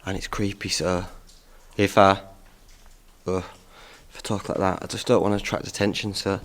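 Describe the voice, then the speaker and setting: A young man vlogging alone in a tunnel at night, talking quietly to his camera and keeping his voice down. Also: sits low, flat delivery, normal speed. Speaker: outdoor vlogger. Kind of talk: solo camping vlog, talking to camera. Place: inside a disused tunnel at night. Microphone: handheld camera.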